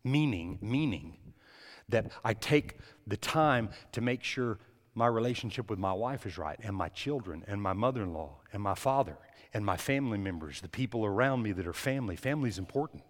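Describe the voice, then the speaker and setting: A man's voice: fairly low pitch, expressive, moderate pace. Impassioned preacher man, echoing church. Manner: impassioned, swings from soft to loud. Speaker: pastor. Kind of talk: sermon.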